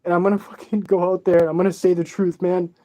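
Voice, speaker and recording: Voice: mid-range voice, flat delivery, fast talker, warm tone. A vlogger delivering an agitated, rambling, profane rant to camera while tearful.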